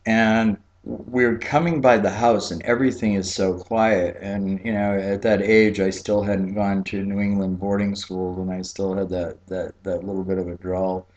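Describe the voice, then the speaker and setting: A man from Key West, Florida telling a childhood story in a relaxed, chatty way, with frequent fillers and laughs. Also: sits low, normal speed, few pauses, dull audio. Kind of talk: personal storytelling.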